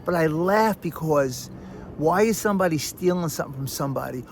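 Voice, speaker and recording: A man hosting a podcast, telling stories in a loose, animated self-help monologue that repeats phrases and talks straight to the listener. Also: a little high. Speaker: podcast host.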